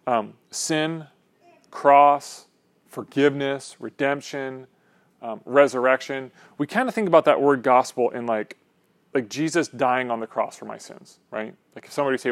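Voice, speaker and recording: A man's voice: mid-range voice, normal speed. A man preaching a conversational sermon as pastor, loose and rambling, often checking in with his listeners. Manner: casual, rambling, frequent "um" and "right?".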